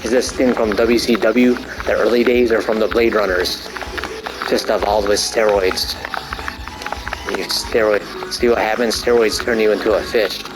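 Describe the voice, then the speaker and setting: Man, crude joking game commentary, lowish voice, rambling, game music behind. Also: measured pace, poor audio. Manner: rambling, joking, swearing, excitable outbursts. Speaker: gamer commentating his play. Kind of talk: casual crude gameplay commentary. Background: arcade game music.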